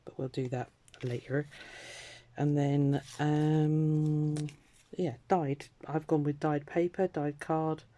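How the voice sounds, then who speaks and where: Speaking slowly with a low, warm voice and flat delivery, a woman chats casually as she works on her crafts for a vlog. She pokes fun at herself, mutters little asides, and now and then slips into a whisper.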